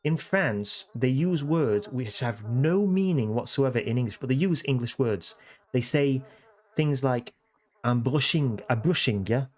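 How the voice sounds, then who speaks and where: A man's voice: medium pitch, lively intonation, a little slow, a little mellow. A man chatting casually with livestream viewers from his home computer room, repeating phrases and correcting himself as he goes.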